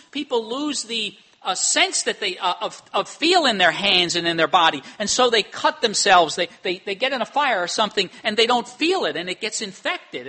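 Middle-aged guy preaching, high voice, keeps asking "isn't it?". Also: sharp tone, slightly rough. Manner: conversational preaching with rhetorical tag questions. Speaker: pastor. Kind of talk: sermon.

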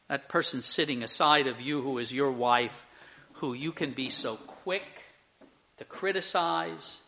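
A man's voice: on the high side, sharp tone. An older man preaching a sermon, telling a story earnestly and acting out the people in it. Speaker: pastor.

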